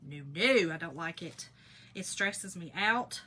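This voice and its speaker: A woman's voice: medium pitch, animated, moderate pace, background noise. A woman hosting a crafting livestream, chatting folksily with viewers and reading out their comments. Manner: chatty, folksy, calls viewers girl and y'all.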